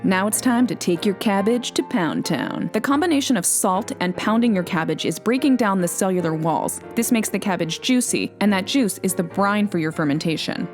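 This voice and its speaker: A woman narrates a cooking tutorial in voice-over, explaining each step plainly and evenly. Her pitch sits in the middle of the range. Faint music runs behind her voice. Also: moderate pace, few pauses. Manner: clear, steady, step-by-step explaining. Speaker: cooking show host. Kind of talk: instructional recipe voice-over.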